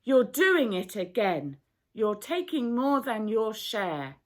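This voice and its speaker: A woman's voice: fairly low pitch, slow pace, vocal fry. A woman voicing a frustrated young man who complains in a raised voice in a storybook. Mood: indignant.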